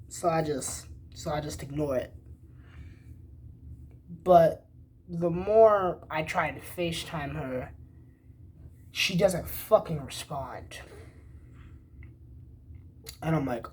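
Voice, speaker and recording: A young man casually tells a story, swearing a lot and acting out both sides of the conversation in a profane, animated retelling full of quoted dialogue. His voice sits on the high side with a breathy edge, and he speaks slowly with long pauses.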